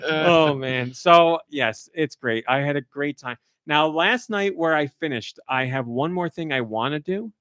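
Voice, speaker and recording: Animated man, dry close mic. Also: measured pace, no room sound. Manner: animated storytelling, voices quoted lines in a high excited pitch. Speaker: podcast host. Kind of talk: casual chat.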